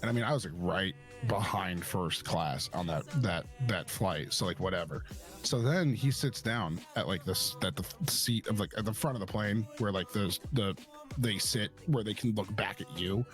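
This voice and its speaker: A man's voice: fairly low pitch, moderate pace, a bit bright, faint music behind. A young adult man streaming, telling a long story in casual chat, rambling and swearing, with many repeated fillers.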